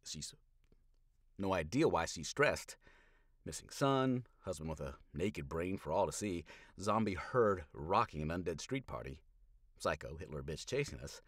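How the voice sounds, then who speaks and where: A man narrating an audiobook in first person, sardonic, swinging from hushed asides to loud outbursts, in a small hot booth. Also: a bass voice, no room sound, studio quality. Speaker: audiobook narrator streaming a reading.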